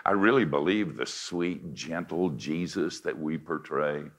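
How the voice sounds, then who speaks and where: An older man with a deep voice preaches confessionally at a slightly slow pace, moving back and forth from forceful to hushed lines.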